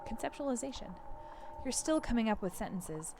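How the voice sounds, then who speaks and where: Animated woman streamer reading a game. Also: on the high side, brisk, noisy background. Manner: laughing, animated, reading in several voices.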